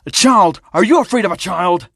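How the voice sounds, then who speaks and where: An arrogant, menacing gang boss, acted out by a male reader for a homemade story. He barks commands with open scorn, in a voice a little high for a man. The recording is dry and close. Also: expressive, moderate pace, no room sound. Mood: scornful. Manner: barking orders, scornful.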